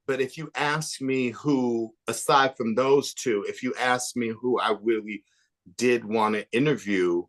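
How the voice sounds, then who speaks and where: A man being interviewed on a podcast, telling behind-the-scenes stories in an animated, gossipy way, swinging between emphatic bursts and hushed asides. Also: mid-range voice. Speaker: podcast guest, author and documentary maker. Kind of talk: casual interview chat.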